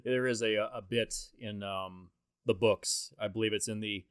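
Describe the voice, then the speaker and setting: A man's voice: on the low side, fairly even intonation, measured pace, fairly bright tone, smooth, no room sound. Dry, close-miked man talking through a film. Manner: rambling, conversational, with many fillers and restarts. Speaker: film commentator. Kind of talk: casual film commentary track.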